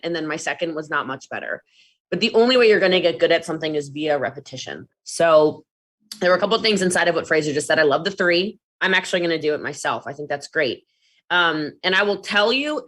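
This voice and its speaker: A woman giving an energetic network marketing training talk, animated and quick to jump between demonstrations and asides. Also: fairly low pitch. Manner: fast, animated, jumps between demos and asides.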